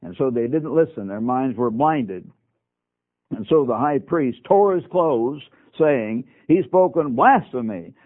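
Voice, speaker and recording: A man's voice: mid-range voice, lively intonation, takes it slowly. A man teaching a broadcast sermon on scripture, emphatic, with folksy asides to his listeners. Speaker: radio Bible teacher. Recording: narrow, phone-like radio sound.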